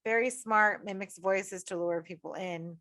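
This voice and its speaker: A woman's voice: medium pitch, a little slow, pushed and bright. A woman from upstate New York co-hosting a casual horror podcast, loose and joking with blunt swearing. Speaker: podcast co-host.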